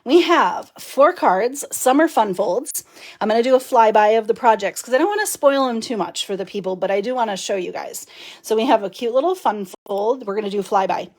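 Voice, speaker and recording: A woman with a fairly high voice chats her way through a crafting live stream. She is effusive and laughs often, and she greets her viewers warmly by name. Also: expressive, fairly quick. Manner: chatty, effusive, laughs often, reads viewer comments aloud. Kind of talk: casual live-stream chat.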